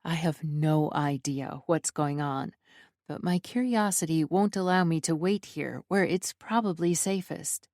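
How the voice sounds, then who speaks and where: Brief: woman narrator, lowish voice, wry and expressive, dry close studio sound. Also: unhurried, dry recording. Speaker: audiobook narrator. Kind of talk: first-person romance audiobook narration.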